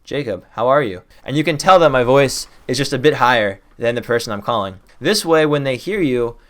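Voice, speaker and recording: A young man runs through sales-call tips to camera at a rapid clip, excited and riffing freely. His voice sits at an ordinary middle pitch, and he sounds like he is making up examples on the spot. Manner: excited, fast-talking, riffs off the top of his head. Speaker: sales trainer. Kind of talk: fast casual teaching to camera.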